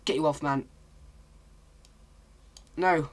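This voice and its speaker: A British man commentating his own video game play, rambling and hesitant, breaking into excited yelps. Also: on the high side, extremely slow. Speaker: gaming channel host.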